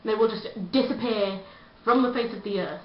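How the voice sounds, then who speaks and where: High-voiced woman ranting. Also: normal speed, slight background noise. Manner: chatty, self-mocking, rambling. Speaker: vlogger. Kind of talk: casual comedic rant to camera. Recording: dull lo-fi echoey room sound.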